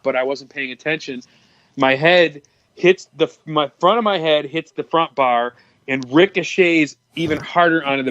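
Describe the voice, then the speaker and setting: A man's voice: mid-range voice, fairly bright tone, no echo. A man co-hosting a podcast, chatting casually and swearing in a laid-back way. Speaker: podcast co-host. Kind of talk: casual chat. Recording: dull, lo-fi dry mic.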